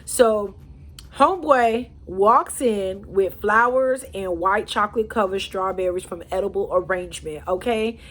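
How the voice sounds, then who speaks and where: A woman telling a personal story to her viewers in a chatty, animated way. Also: medium pitch, a little slow, slight background noise. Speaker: storyteller, channel host. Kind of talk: casual storytime vlog.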